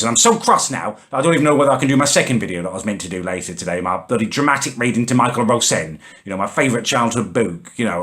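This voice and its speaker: Guy ranting on his vlog, angry and sweary, lowish voice. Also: a bit bright. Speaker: vlogger. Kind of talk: comedic rant vlog.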